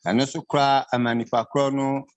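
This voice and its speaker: A Ghanaian man puts his questions to a radio guest, switching between Twi and English. He pauses and restarts often, and his voice sounds dry and close. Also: mid-range voice, little pitch movement, no echo, poor audio. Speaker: caller asking questions.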